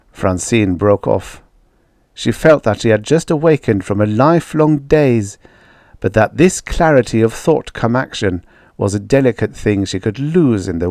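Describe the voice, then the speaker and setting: A man's voice: fairly low pitch, a little mellow, no echo, clean studio sound. A man narrating a vintage science fiction story as an audiobook reader. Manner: slow, measured reading. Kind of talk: scripted narration.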